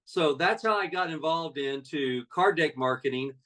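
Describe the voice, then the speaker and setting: A man's voice: fairly high pitch, normal speed, a bit bright, recorded from a distance, rough recording. A man in his sixties, a network marketing leader, giving a folksy, conversational motivational talk full of personal stories.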